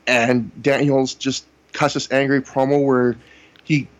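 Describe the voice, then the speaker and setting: A man in casual podcast conversation, walking through events in long recaps. His pitch sits in the middle range, and he leans on "you know" as he goes. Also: little pitch movement, a little slow. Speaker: podcast co-host reviewing wrestling shows. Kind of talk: casual chat.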